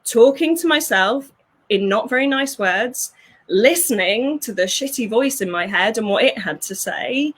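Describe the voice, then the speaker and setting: A woman, working as a fulfillment coach, talks through ideas in an animated way, laughing often and acting out voices. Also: fairly high pitch, measured pace, slightly rough. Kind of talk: conversational interview.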